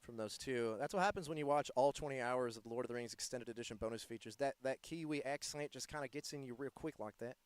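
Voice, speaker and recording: A man from the United States giving live play-by-play commentary in a playful, joking, excitable manner. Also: mid-range voice, fast, few pauses, clean tone, no echo. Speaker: sports commentator.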